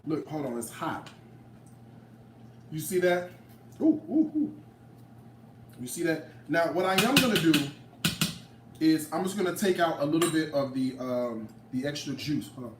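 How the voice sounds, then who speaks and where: A sassy, playful man in his late thirties shows his cooking in a home kitchen and scolds his viewers. His voice sits a bit high for a man. He is picked up from a little way off the mic, in a roomy kitchen with faint noise behind him. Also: big pitch swings, normal speed, long pauses, recorded from a distance. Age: late 30s. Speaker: home cook. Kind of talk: casual cooking demo.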